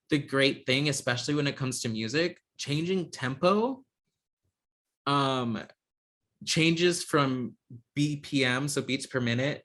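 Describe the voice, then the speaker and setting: A man leads an online software class from a video call mic. His talk is hesitant, with frequent ums and false starts, and sits at an ordinary middle pitch. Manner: hesitant, lots of ums and restarts. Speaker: instructor.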